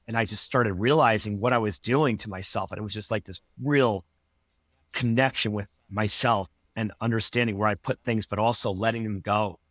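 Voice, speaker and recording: A man's voice: on the low side, steady tone, fairly quick, a bit bright, dry recording. A man who works as a life coach, telling a personal story as a podcast guest, earnest and rambling, acting out his past thoughts in quotes.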